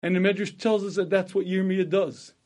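A man giving a sermon who tells the story dramatically, acting out impassioned quoted speech, and often clears his throat. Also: sits high, fairly even intonation, a little fast, a little mellow. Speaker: rabbi giving a Torah lecture.

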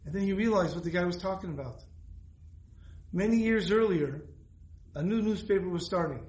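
A man's voice: sits high, brisk, long pauses, darkish tone, reverberant, poor audio. A man teaching a Torah lesson, telling stories earnestly and repeating phrases for emphasis.

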